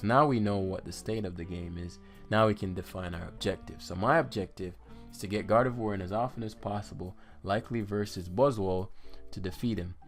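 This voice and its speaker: A man giving live commentary on a competitive game, swearing and trash-talking his opponent as he plays. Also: sits low. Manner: profane, frustrated, trash-talking. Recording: faint guitar music behind.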